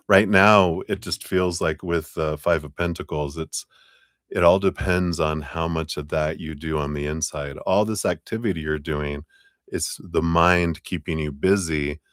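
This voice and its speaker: Deep-voiced man giving a lively tarot reading. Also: no echo, studio quality. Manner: animated, acts out inner voices in high playful tones, laughs often. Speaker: tarot reader. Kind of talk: live tarot reading, casual advice.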